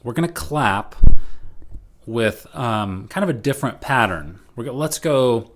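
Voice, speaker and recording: A man's voice: medium pitch, lively intonation, a little slow, a bit bright, slight background noise. A man teaching a recorded music lesson over slides, casual and patient, often checking in with "right?".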